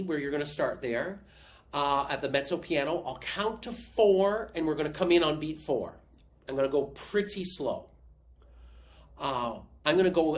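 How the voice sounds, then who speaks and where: A woman teaching piano over a video call, patiently counting beats aloud and scatting rhythms. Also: deep voice. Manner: patient, encouraging. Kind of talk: online music lesson.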